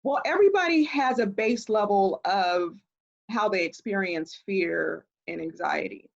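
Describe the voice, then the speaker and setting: Woman expert guest, husky voice with lively pitch, explaining over a dull video call line. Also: a little slow. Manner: animated, explanatory, laughs often. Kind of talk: conversational interview.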